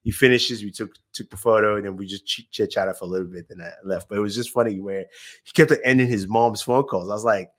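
A man's voice: on the low side, fast. A man, a YouTuber guest, telling anecdotes in casual chat, acting out the voices of people he quotes and laughing often.

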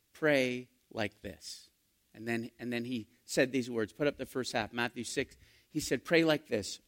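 A male pastor preaching a sermon, asking his listeners questions and moving between hushed and emphatic delivery. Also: mid-range voice. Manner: dynamic preaching, asks the congregation questions, swings from hushed to loud.

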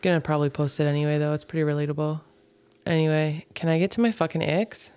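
Brief: young woman podcast host, low voice, teasing, swears a lot. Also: steady tone, fast talker, dark tone, clean tone, dry recording. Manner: swears freely, chatty and teasing. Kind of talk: casual couples chat.

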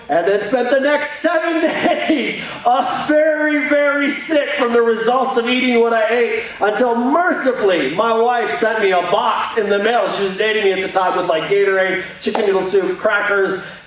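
A young male pastor tells a lively, joking story from the pulpit in a fairly high voice. He sounds a bit distant from the mic. His words ring around a big, echoing hall. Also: moderate pace, few pauses. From Indiana. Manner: storytelling, jokey, animated. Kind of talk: sermon. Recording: echoey hall from far off.

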